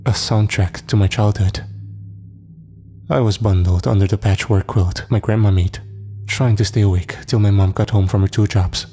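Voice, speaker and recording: A man narrating a horror story in a measured, dramatic, scripted style. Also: on the low side, steady tone, dark tone. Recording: long reverb, faint music.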